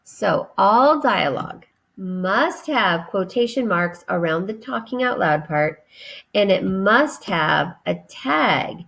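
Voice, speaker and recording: A woman teacher giving a recorded grammar lesson to children, patient and deliberate as she spells out each step. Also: medium pitch, lively intonation, creaky, fairly bright tone.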